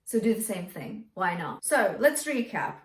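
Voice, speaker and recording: A woman's voice: mid-range voice, big pitch swings, a little slow. A woman vocal coach teaching a singing lesson, often checking in with "yeah?" and singing short lines to demonstrate. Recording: roomy, from a distance.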